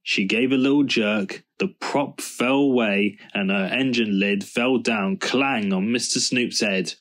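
A male storyteller reading a children's book aloud in a calm, measured way. He speaks slowly, in a fairly low voice. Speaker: storybook reader.

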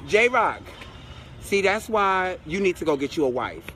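A chatty, affectionate man with a high voice, greeting viewers by name on a live stream. Clear traffic and street noise run beneath him the whole time. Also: sing-song, unhurried, bright, forceful tone. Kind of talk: casual livestream banter. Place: outdoors on a city street. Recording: noisy outdoor street audio.

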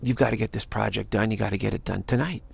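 A man's voice: fairly low pitch, fairly even intonation, fast, creaky, slightly rough, exaggerated voice. A man playing a stern scolding father. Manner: stern, commanding.

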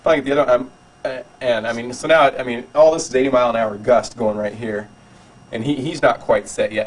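Fast-talking man, animated storyteller. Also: mid-range voice. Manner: animated, gesturing, with many fillers and restarts. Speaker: skydiver recounting his jump. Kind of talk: casual home-video storytelling. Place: private home. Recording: 1990s home camcorder, mic at a distance, faint noise.

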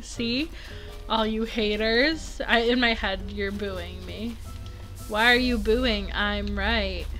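Giggly high-voiced young woman chatting unhurriedly. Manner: rambling, giggly and excitable. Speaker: gaming video creator. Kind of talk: casual gameplay commentary.

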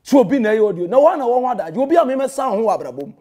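A man's voice: very high-pitched, big pitch swings, racing, mellow. A Ghanaian man, a pastor, delivering a heated and confrontational rebuttal that scolds a rival and mixes in English phrases.

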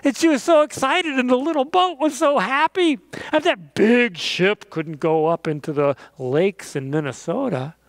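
A pastor telling a children's message story and ending in prayer, gentle and animated with playful sound effects. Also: male voice, very high voice, normal speed, no room sound.

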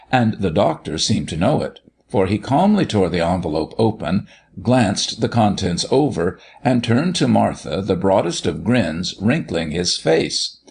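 Male audiobook reader, low gravelly voice, lively, expressive storybook narration. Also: normal speed.

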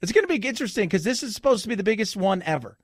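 A middle-aged man hosts a radio talk show in a casual monologue, joking and sarcastic. His voice sits high and swings widely in pitch. It is recorded close and dry on a studio microphone. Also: rapid-fire, slightly rough, dry recording. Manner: animated, joking, sarcastic asides.

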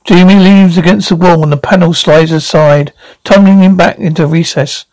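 A man's voice: high voice, fairly even intonation, moderate pace, darkish tone, no room sound, low-quality recording. A man reading stage directions aloud in a plain way, with slips and restarts. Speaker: reader.

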